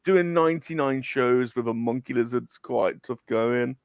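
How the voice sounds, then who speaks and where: A man's voice: mid-range voice, measured pace, clear, resonant tone, dry recording, studio quality. A man chatting as a show guest, rambling and repeating himself. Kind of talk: casual chat.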